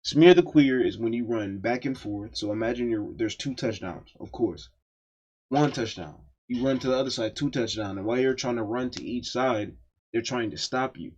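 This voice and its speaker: A man's voice: mid-range voice, normal speed, a little mellow, highs cut off. A man telling a personal story in a casual, profane and emphatic storytime monologue.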